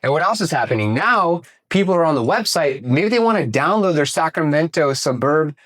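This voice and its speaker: A man giving a casual, energetic workshop talk on real estate marketing, asking the audience questions and swearing now and then. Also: on the high side, brisk. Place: room with a live audience.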